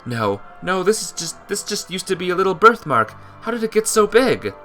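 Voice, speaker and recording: A man's voice: on the high side, sing-song, normal speed, bright, forceful tone, faint music behind, pitched above the performer's own voice, exaggerated voice. A man voicing a proud young male knight, reading game dialogue in a defensive, frantic way. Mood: alarmed. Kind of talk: game dialogue read aloud.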